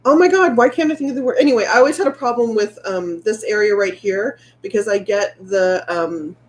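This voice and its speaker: A woman, chatting candidly with viewers and reading their comments, rambling and heartfelt. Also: mid-range voice. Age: late 30s. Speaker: vlogger. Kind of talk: casual livestream chat reading viewer comments.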